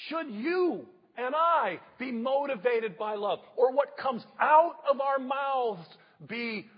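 A man's voice: extremely high pitch, breathy edge. A man preaching a sermon in a church, driving his points home with repeated rhetorical questions to the congregation. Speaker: pastor. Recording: dull audio with long hall reverb.

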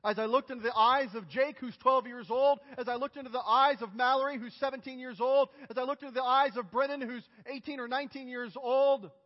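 A man preaching a sermon as pastor, emphatic and building to loud outcries. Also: extremely high pitch, fairly even intonation, brisk, few pauses. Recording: dull, reverberant church hall.

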